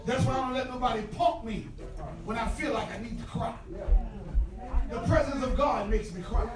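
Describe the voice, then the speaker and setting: Older bishop, preaching loud then soft, repeats words, echoey church from far back. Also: male voice, very high-pitched, moderate pace, crowd noise. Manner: swings from shouting to hushed, repeats words. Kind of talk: sermon. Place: large church. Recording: roomy church sound from far off. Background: organ music and loud congregation responses.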